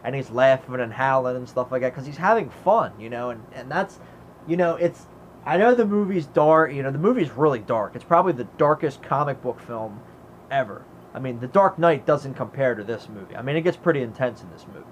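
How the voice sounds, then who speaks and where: A man's voice: on the high side, animated, normal speed, a little hiss or hum. A man giving a casual movie review, rambling and enthusiastic, filling his talk with "you know" as he recounts scenes.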